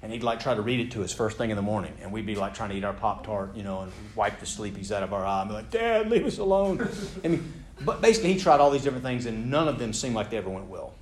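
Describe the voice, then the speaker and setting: An American man gives a sermon to a live audience, spinning an animated story full of self-deprecating humor. His voice is on the low side and comes rapid-fire with few pauses, and the hall sounds roomy with faint background noise.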